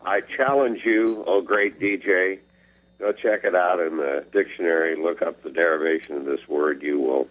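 A man's voice: sits low, steady tone, moderate pace. A man calling in to a radio show with a wry, teasing manner, heard over a tinny phone line. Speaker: word-of-the-day contributor. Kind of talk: casual on-air phone chat.

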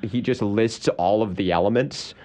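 A man's voice: lowish voice, moderate pace, a little mellow. A man hosting a local afternoon radio talk show, casual and joking with a guest. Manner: casual, joking, many uh fillers. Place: radio studio.

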